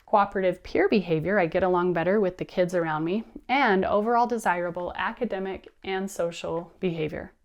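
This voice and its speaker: Teacher-trainer lady, fairly low voice, expressive and animated, telling a story then lecturing. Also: a little fast, few pauses, lo-fi sound.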